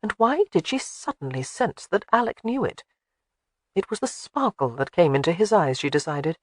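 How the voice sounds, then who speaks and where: Measured audiobook narrator. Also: male voice, sits high, sing-song, no room sound. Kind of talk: scripted narration.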